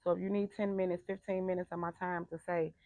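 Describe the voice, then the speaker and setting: A woman life coach giving a passionate motivational talk, emphatic and turning loud and animated when making a point. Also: on the low side, fast talker, no room sound.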